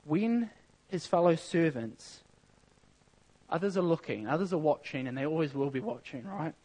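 A man's voice: on the high side, lively intonation, normal speed, a little mellow, poor audio. A man preaching a sermon in an earnest, emphatic way, reading scripture aloud and repeating phrases as he builds a point.

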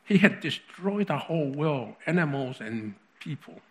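A man's voice: a little high, lively intonation, unhurried. Man preaching a conversational sermon. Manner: conversational, with frequent restarts and asides.

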